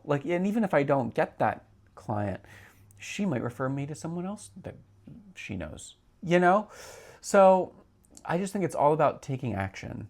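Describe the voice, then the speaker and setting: A man's voice: a little high, sing-song, normal speed, gravelly, darkish tone. A man in his thirties hosting a solo podcast, talking in a chatty, rambling way with many filler words. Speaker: podcast host.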